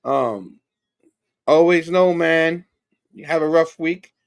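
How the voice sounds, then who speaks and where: Man, slightly high voice, hoarse, laid-back podcast chat, jokey. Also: takes it slowly. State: losing his voice. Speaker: co-host.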